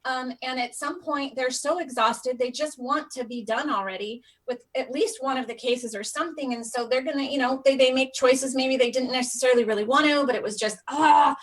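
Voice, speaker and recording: A woman hosting a casual live stream, with a voice that sits a touch higher than most. She speaks earnestly and from the heart, addressing her viewers directly. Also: fairly quick, hardly any pauses. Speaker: live stream host on foster care.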